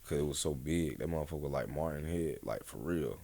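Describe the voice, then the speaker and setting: A man's voice: very deep voice, expressive, brisk, creaky, dark tone, husky. A man, a rapper guest on a casual podcast interview, telling stories in a laid-back, slangy, rambling way. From Atlanta, USA.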